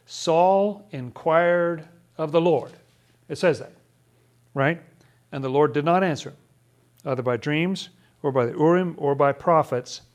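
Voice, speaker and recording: A man leading a casual Bible study, chatty and wry, often laughing. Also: medium pitch.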